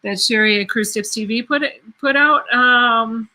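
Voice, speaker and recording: Giggly bright-voiced woman hosting a livestream. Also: a little high, moderate pace, low-quality recording. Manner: giggly, chatty, with many fillers and laughs. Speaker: host of a cruise livestream. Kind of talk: casual livestream chat reading viewer comments.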